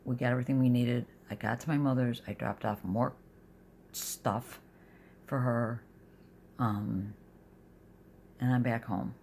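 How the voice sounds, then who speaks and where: Gravelly middle-aged woman venting. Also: very deep voice, steady tone, unhurried, pauses often, darkish tone, a little hiss or hum. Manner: rambling, confessional, drops to near-whispers. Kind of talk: casual personal vlog, venting. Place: sitting in bed at home.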